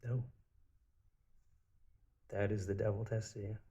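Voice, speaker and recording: Low, mellow-voiced man rambling. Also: fairly even intonation, normal speed. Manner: rambling, profane storytelling. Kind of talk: casual monologue.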